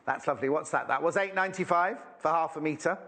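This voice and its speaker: A man's voice: a little high, quick pace, sharp tone. A man presenting fabrics live on a shopping channel, chatty and rambling as he exclaims over each one. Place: TV shopping studio.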